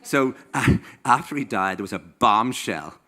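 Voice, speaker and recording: An Irish man in his sixties, an author on a small-venue stage, tells comic stories to a live audience with wry playfulness, acting out the voices he quotes. His medium-pitched voice is animated, pushed and bright, moving at a measured pace.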